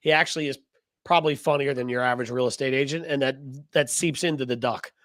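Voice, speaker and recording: A man's voice: medium pitch, steady tone, quick pace, fairly bright tone, dry recording, clean studio sound. A man co-hosting a casual talk show, teasing and wisecracking with his partner. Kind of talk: casual podcast banter.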